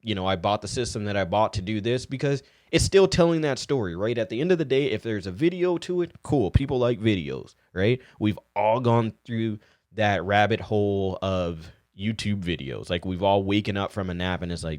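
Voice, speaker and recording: Male podcast host, low pitch, talkative and upbeat, dry close audio. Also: animated, moderate pace, a little mellow, no room sound. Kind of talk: casual podcast chat.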